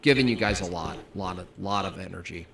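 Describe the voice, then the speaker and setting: A man joining a livestream as a guest, chatting with offhand, deadpan quips. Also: deep voice, fairly quick, creaky. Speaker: guest streamer. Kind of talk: casual livestream chat. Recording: noisy remote stream audio.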